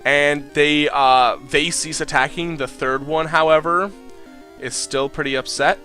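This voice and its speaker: A young man narrating as game master in a tabletop game, halting and full of fillers. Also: a little high, fairly even intonation, bright, forceful tone, soft background music. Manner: halting, many fillers and restarts.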